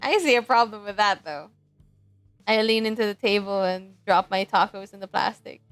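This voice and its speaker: A young woman streaming, reading a dating game aloud in a giggly, animated way. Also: mid-range voice, moderate pace, clear, resonant tone, no echo, faint music behind.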